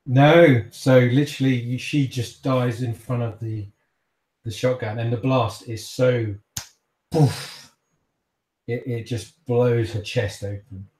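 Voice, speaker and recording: A man's voice: medium pitch, fairly even intonation, takes it slowly, a little mellow, roomy sound. A man narrating a tabletop game as game master, with vivid, gory storytelling and frequent restarts.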